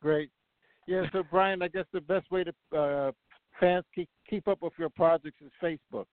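A man's voice: high-pitched, fairly even intonation, moderate pace, no echo. A man hosting an interview show, giving brief enthusiastic reactions and signing off. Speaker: host. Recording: dry, phone-like audio.

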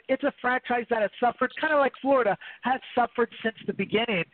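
A rambling, opinionated man from Canada talks hockey in a high voice. His speech comes through a tinny, phone-like line with a dry sound and no room echo. He drifts between asides and jokes as he makes his case. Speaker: podcast co-host. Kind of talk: casual sports talk.

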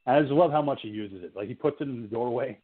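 Male podcast co-host, slightly husky, rowdy and sarcastic as he picks apart a horror movie, lo-fi tinny sound. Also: medium pitch, fast talker. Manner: animated, swearing, mocking characters in silly voices. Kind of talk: casual film discussion. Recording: tinny phone-like audio.

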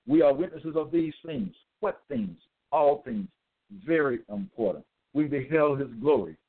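A man giving a religious monologue with scripture readings, emphatic and repetitive, stressing words slowly. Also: fairly high pitch, expressive. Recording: tinny phone-like audio.

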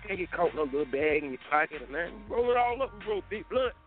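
A man's voice: high-pitched, lively intonation, very fast. Call-in host, male, emphatic and rambling, slangy, tinny phone audio. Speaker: radio show host. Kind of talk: casual call-in chat. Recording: tinny phone line with faint music.

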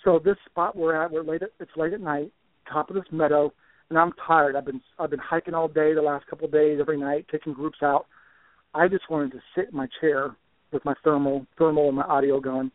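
An older man telling a long story as a guest on a talk show, animated and often restarting his words. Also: a little high, a little fast, dry recording. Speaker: guest researcher. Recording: tinny dry phone line.

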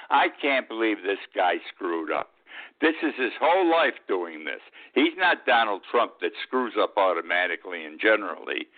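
A male talk-radio host delivers a blunt, indignant monologue. His voice sits low but moves widely in pitch. The sound is narrow and tinny, as if heard over a phone. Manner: blunt, indignant, animated commentary. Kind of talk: opinion monologue.

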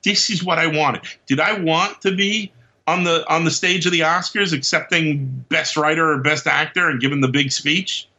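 Male podcast guest, a lively storyteller with a bright, forceful, fairly high voice, on dull lo-fi audio. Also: moderate pace. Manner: lively storyteller who acts out quotes and laughs often. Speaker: podcast guest, comics writer. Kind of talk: animated anecdote-telling in casual chat.

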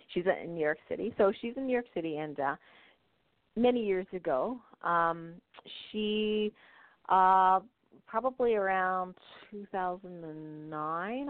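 A woman's voice: medium pitch, no room sound. A woman hosting a talk show, telling stories in a chatty way, laughing often and checking in with "right?". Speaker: podcast host, intuition teacher. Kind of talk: casual storytelling talk. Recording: phone-like narrow band, dry.

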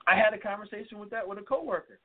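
A man with a high voice co-hosting a relaxed self-help chat. He thinks out loud and lays out advice one step at a time. The audio is narrow and tinny, as if heard over a phone. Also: very fast. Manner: thinks aloud with fillers, gives step-by-step advice.

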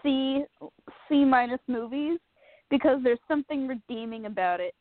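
Animated swearing woman on a tinny line. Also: high voice, normal speed. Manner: animated, swearing, self-mocking storyteller. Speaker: podcast co-host. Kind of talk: casual storytelling chat.

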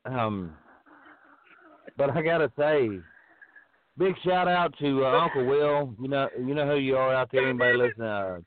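A man of middle pitch co-hosting a podcast, talking in a halting way full of restarts. He swears freely. His voice comes through a narrow, tinny phone-like line. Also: no echo. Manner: halting, many fillers and restarts. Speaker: podcast co-host. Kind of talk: casual profane chat.

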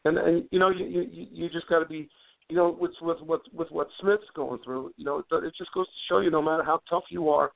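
A middle-aged man with a somewhat high voice, telling animated stories and tripping over repeated words. He comes through a thin, tinny phone line. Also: fairly quick, gravelly. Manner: animated anecdote teller, repeats words as he talks. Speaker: guest wrestler. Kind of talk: casual storytelling on a phone call.

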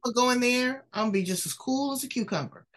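A woman's voice: a little high, fast. An older woman hosting a talk show, chatting in a frank, folksy way with casual swearing. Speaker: host. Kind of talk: casual interview chat.

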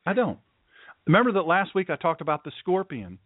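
Emphatic preacher, tinny phone-like sound. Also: male voice, high-pitched, very animated, fairly quick, no echo. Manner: forceful, emphatic preaching with repetition. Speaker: pastor and show host. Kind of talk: preaching talk show.

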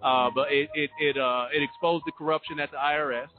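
A man co-hosting a talk radio show, animated and emphatic. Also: fairly high pitch, fast talker, phone-quality sound, faint music behind. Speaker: radio co-host.

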